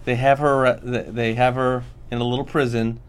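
A man talking candidly about a story in casual conversation, blunt and animated, often mimicking other people. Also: medium pitch, moderate pace, clear, resonant tone.

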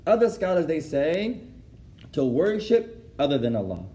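A man's voice: a little high, big pitch swings, a little slow, dark tone. A man teaching an Islamic lesson to a class. He switches between English and Arabic, translating as he goes, repeats phrases for emphasis and laughs at his own stories.

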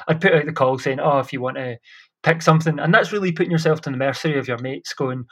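A man's voice: on the high side, fast talker, a bit bright, breathy edge. A young man telling stories in a casual chat as a podcast guest, enthusiastic and rambling.

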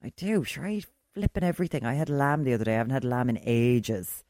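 Woman, fast talker, teasing quips, dry close sound. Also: a bass voice, animated, mellow, dry recording. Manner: quick, teasing interjections. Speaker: podcast co-host. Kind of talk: casual chat.

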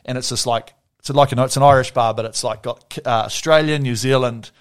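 A man's voice: medium pitch, steady tone, fairly quick, clean tone. A middle-aged man telling a wild anecdote in loose, casual talk. He rambles, restarts sentences and swears freely. It comes across close on a podcast mic. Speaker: podcast guest. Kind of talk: casual storytelling.

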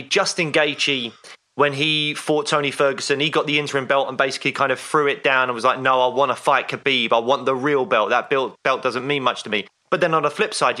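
Male podcast host, slightly high voice, bright, rambling questions. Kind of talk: casual interview chat.

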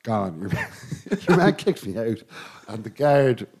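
A man's voice: mid-range voice, big pitch swings, unhurried, darkish tone, breathy edge. An Irish man co-hosting a casual sports podcast, telling rambling anecdotes and laughing often. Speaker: podcast co-host.

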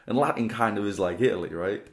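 A man's voice: fairly low pitch, fast. A man in his twenties from England, a comedian guest telling rambling stories and laughing through his words on a podcast. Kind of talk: casual podcast storytelling. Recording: roomy echo.

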